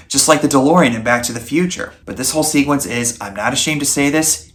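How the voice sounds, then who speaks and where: A man's voice: mid-range voice, big pitch swings, fast talker, a bit bright, a little hiss or hum. A man reviewing a film in a scripted voice-over, earnest and enthusiastic in a conversational way. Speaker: movie reviewer, channel host.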